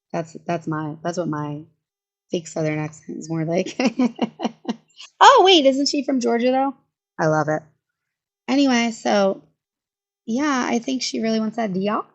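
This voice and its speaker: A woman's voice: on the low side, lo-fi sound. A woman giving casual livestream commentary, chatty and sarcastic, laughing and breaking off her sentences. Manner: chatty and sarcastic, frequent laughs and self-interruptions. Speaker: commentary streamer.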